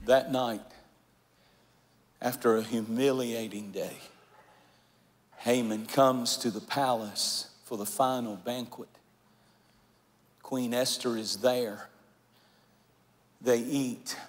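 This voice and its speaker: A male pastor preaching a sermon in a large church, swinging from shouted declarations to hushed storytelling. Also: mid-range voice, slow, long pauses. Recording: echoey church hall, faint music.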